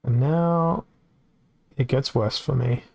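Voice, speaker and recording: A man's voice: mid-range voice, takes it slowly, creaky, a little mellow. A man with an Australian accent giving casual live-stream commentary on a card game, chatty and reacting aloud as it plays out.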